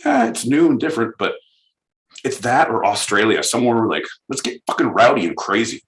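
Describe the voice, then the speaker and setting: Rambling Californian man, low voice. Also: fairly quick, rough recording. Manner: rambling, excitable, swearing, many restarts. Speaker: podcast co-host. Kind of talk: casual chat.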